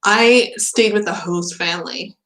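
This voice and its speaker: A woman's voice: medium pitch, unhurried, a bit bright. A young woman and native English speaker hosting a casual livestream chat. She laughs often and acts out her own anecdotes. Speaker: channel host. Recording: roomy echo.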